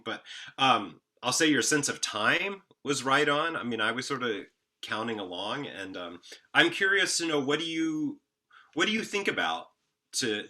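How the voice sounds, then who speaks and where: A man giving encouraging feedback in a horn masterclass, pausing often with "um". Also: on the low side, sharp tone. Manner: encouraging, hesitant with many "um"s. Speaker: horn teacher.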